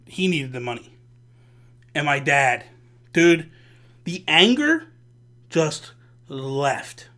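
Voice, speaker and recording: A man hosting a vlog, telling a story in a casual, animated and profane way. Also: fairly high pitch, extremely slow, pauses often. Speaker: host.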